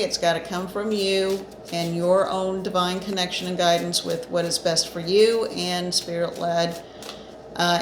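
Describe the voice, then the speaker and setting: A woman giving a casual spiritual card reading, chatty and reassuring, with fillers and restarts, a bit short of breath. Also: fairly low pitch. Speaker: psychic reader. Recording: echoey room, faint ambient noise.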